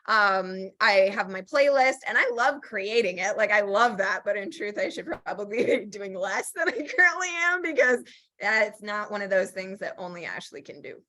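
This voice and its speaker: A woman co-hosting a podcast in casual chat, bubbly and quick with asides, laughing often. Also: medium pitch, animated, pushed and bright. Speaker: podcast co-host.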